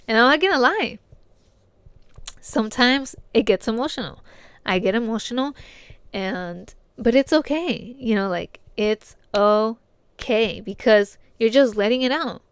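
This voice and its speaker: Young woman podcaster talking straight to her peeps, super clear voice, dry close mic, lots of "like" and "you know". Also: on the high side, expressive, measured pace, long pauses, no echo. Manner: slangy and fillers-heavy, addresses listeners as "my peeps"; earnest, encouraging, swears casually. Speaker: podcast host. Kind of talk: casual heartfelt advice monologue.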